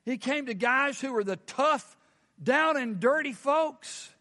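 A man's voice: extremely high pitch, expressive, slow pace, bright, forceful tone, in a large hall. A man preaching a sermon as a pastor, often asking his congregation questions.

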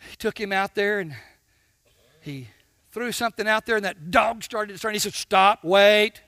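A man preaching a sermon, swinging from shouts to hushed tones and acting out little dialogues with God. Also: sits high, normal speed, no room sound, studio quality. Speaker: pastor.

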